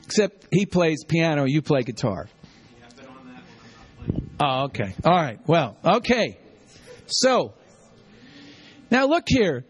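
High-voiced man preaching slowly. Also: very animated, husky. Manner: call-and-response teaching, repeating lines for the congregation. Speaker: pastor. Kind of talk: sermon.

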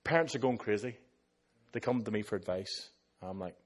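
Husky Irish preacher. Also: male voice, mid-range voice, brisk. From Ireland. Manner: animated preacher who tells stories and slips into voices. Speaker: pastor. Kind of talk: sermon.

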